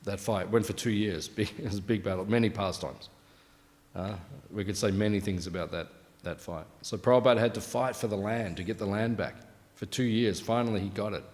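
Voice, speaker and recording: A man with a fairly low voice tells stories for a morning scripture class. He speaks casually, full of fillers and quick "right?" checks with his listeners, and his voice carries a long reverb from a hall. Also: a little mellow.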